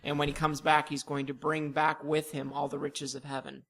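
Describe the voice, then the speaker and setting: A man co-hosting a laid-back podcast, teasing his friends and often restarting his sentences. His voice is bright and forceful and sits a little high. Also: monotone, moderate pace. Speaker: podcast co-host. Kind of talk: casual chat.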